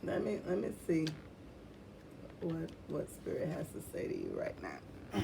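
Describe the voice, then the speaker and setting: Woman, low-pitched tarot reader, casual and blunt, cusses, repeats lines for emphasis, light background hiss. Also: wildly swooping pitch, measured pace, vocal fry. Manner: blunt, swears freely, calls listener honey.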